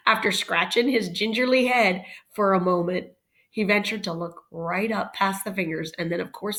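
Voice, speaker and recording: A woman's voice: medium pitch, sharp tone. A woman teacher reading a novel aloud expressively, with playful teaching asides. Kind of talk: read-aloud storytelling.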